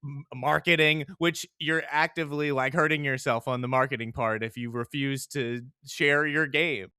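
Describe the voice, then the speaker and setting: A man co-hosting a podcast about card games, joking and animated in casual chat. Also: medium pitch, normal speed, smooth, no echo, clean studio sound. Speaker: podcast co-host.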